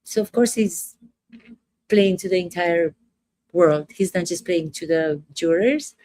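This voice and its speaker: A woman's voice: fairly low pitch, a little slow, mellow, no echo. A woman acting coach giving casual commentary to camera, emphatic and repetitive, asking rhetorical questions. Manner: emphatic, repeats phrases, asks rhetorical questions.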